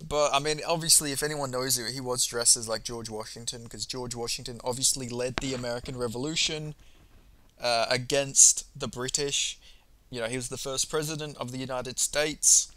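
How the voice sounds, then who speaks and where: A young man recapping a press conference in a casual, excitable monologue, swearing freely and rambling through lots of fillers. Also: medium pitch, normal speed, slight background noise. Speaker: MMA commentary vlogger.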